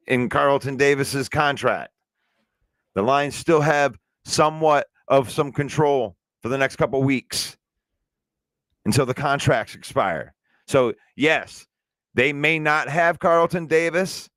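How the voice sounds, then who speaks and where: A man hosting a casual sports talk stream. He answers the chat with pointed argument and sometimes slows down to drive a point home. His voice is mid-pitched and recorded dry and close. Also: a bit bright, no room sound. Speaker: sports show host.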